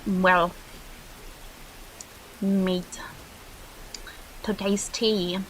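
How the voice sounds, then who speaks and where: A woman's voice: medium pitch, flat delivery, a little hiss or hum, voice pushed down, rough recording. Woman putting on a scandalized gossip. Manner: drawn-out, outraged gossip with lots of "mate". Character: gossiping British neighbour, scandalized and prim. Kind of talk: comic put-on voice on a live stream.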